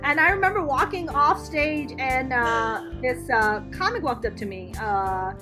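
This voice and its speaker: A middle-aged woman, a stand-up comedian, telling her life story as a podcast guest in a candid, profane, animated way. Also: sits high, measured pace, over music. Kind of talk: casual interview storytelling.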